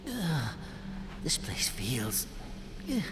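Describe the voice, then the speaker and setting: A man voicing a gentle talking teddy bear companion in a game, speaking in a slow, wary murmur over noisy game audio. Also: medium pitch, wildly swooping pitch, heavily acted. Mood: uneasy.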